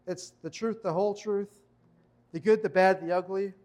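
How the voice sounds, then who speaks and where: A man with a high-pitched voice preaching a sermon in a church. He keeps it conversational and personal, and he slows his pace when reading Bible verses aloud. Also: steady tone, darkish tone. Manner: conversational preaching, reads scripture slowly. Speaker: pastor.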